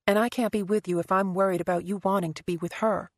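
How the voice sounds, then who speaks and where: A woman's voice: medium pitch, steady tone, fast talker, no echo, close to an everyday voice. A woman reading an audiobook and voicing an earnest, vulnerable woman who speaks directly. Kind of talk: audiobook character voice.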